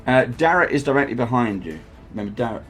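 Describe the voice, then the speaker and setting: A man's voice: medium pitch, expressive, fast talker, fairly bright tone, soft background music. A man narrating as game master, acting out crowd noises and sound effects.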